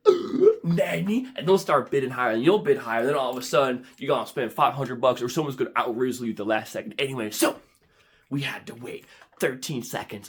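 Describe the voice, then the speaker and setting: A young man telling an animated vlog story, excitable and prone to sudden dramatic squeals and shouts. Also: medium pitch, breathy edge. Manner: excitable, with big dramatic squeals and shouts when quoting himself. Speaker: vlogger.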